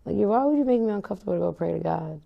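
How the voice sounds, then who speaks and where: A woman's voice: medium pitch, expressive, racing, vocal fry, muffled recording. A woman in her thirties, speaking bluntly and with passion as an interview guest, cursing freely. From United States. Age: 30s. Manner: blunt and impassioned, swears freely. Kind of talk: candid conversational interview.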